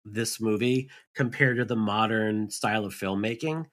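A man's voice: fairly low pitch, moderate pace, fairly bright tone. A man co-hosting a film podcast in loose, casual conversation. He rambles through his points, padding them with "like" and "you know.". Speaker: podcast co-host.

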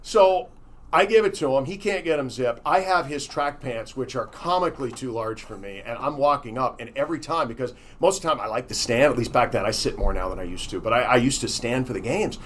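A man who works as a hockey broadcaster, telling stories in a casual interview, chatty and quick to laugh. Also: mid-range voice, a bit bright, a little hiss or hum.

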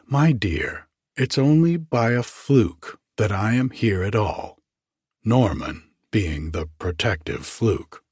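Man voicing a gushing society lady, affected drawl, husky, dry sound, storybook reading. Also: fairly low pitch, animated, slow pace, a little mellow, dry recording, heavily acted. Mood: amused gushing.

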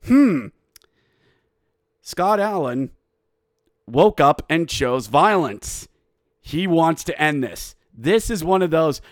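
Excitable man doing a hockey podcast recap. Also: fairly high pitch, takes it slowly, pauses often, no echo, studio quality. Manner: excitable, mock-outraged, shouts during goals. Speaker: podcast host. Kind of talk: animated hockey recap with play-by-play.

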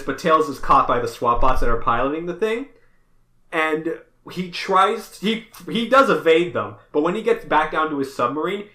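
Bright-voiced joking podcast man. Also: on the high side, echoey room. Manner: joking and profane, loose storytelling. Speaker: podcast co-host. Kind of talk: casual comic book recap chat.

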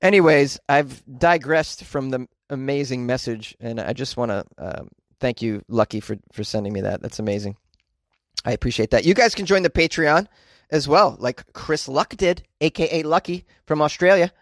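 An American man hosting a comedy podcast, joking and rambling in a loose monologue with lively outbursts. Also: medium pitch, moderate pace, dry recording, clean studio sound. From United States. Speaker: podcast host.

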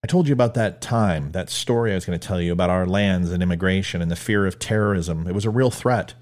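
A man's voice: low-pitched, quick pace, darkish tone. A man hosting a commentary show, delivering an emphatic, punchy opinion monologue. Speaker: host.

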